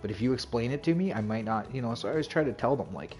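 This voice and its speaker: A man's voice: medium pitch, animated, very fast, few pauses, a little mellow, soft background music. A man chatting casually on his game stream, rambling and full of fillers and restarts. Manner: rambling, filler-heavy, self-interrupting.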